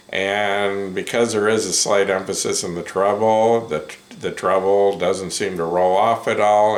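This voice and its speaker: A man giving a casual first-impressions review of headphones, unhurried and full of ums and self-corrections. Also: sits low, a bit bright. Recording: roomy echo.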